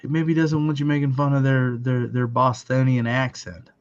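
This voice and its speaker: A man's voice: mid-range voice, level tone, moderate pace. A man co-hosting a casual wrestling podcast, teasing in a dry way and swearing casually. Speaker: podcast co-host. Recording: slightly dull lo-fi audio.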